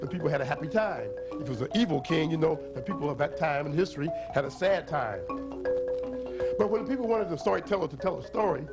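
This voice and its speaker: A man's voice: on the high side, fast talker, loud music behind the voice, low-quality recording. A man teaching children about instruments and storytellers at a library, drawing them into call-and-response chants. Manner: lively, draws audience into chants. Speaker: storyteller and musician. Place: library event.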